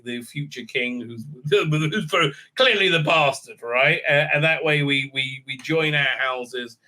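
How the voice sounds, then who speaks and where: A middle-aged TV show reviewer rambles casually through a recap of an episode. His monologue is packed with filler sounds and restarts, and his voice drops low before leaping up with excitement.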